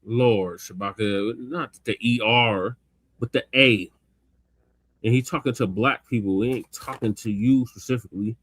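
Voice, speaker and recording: A man's voice: mid-range voice, measured pace, fairly bright tone, husky, no echo. A man on a casual talk show who chides and teases a fellow panelist. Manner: teasing, chiding banter.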